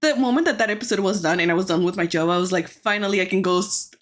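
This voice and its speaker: A woman's voice: medium pitch, racing. A woman co-hosting a podcast in casual chat, a native Spanish speaker who is blunt, laughs often and swears freely. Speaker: podcast co-host.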